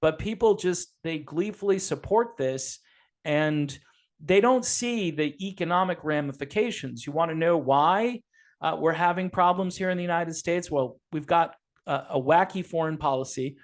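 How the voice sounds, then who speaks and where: Male podcast host, fairly high voice, animated, rambling, lots of fillers. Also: moderate pace. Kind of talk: casual political talk.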